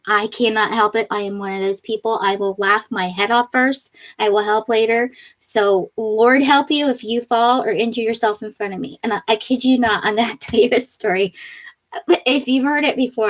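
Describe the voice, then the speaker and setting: A woman in her thirties hosts a casual crafting live stream, chatting with viewers and reading their comments aloud. Her voice sits a touch high, and she laughs easily. A runny nose from allergies colors her talk.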